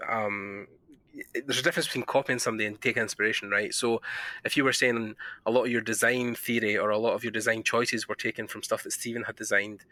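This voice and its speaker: A man with a Scottish accent hosting a podcast interview, chatting casually and telling animated stories. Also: medium pitch, dry recording. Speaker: podcast host.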